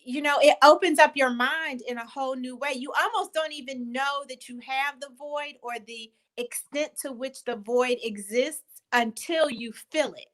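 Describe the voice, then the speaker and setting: A woman's voice: high-pitched, normal speed, few pauses, a bit bright, rough recording. A woman speaking as a guest in a casual video chat, earnest and thoughtful, often restarting her phrases. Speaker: guest, company co-founder.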